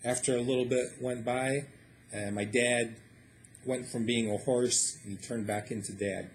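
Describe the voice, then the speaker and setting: A man's voice: mid-range voice, fairly even intonation, a little slow, a little hiss or hum. A man reading a short story aloud and translating it line by line, explaining in a casual way with lots of fillers.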